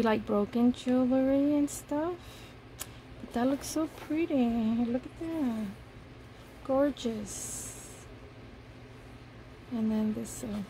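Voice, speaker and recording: A woman with a fairly high, gravelly voice unboxes craft gifts in a casual vlog. She talks slowly and softly, gushing over every piece with delight. A faint hiss sits under her mellow tone. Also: low-quality recording. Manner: gushing, soft-spoken, admiring each item. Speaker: paper craft vlogger.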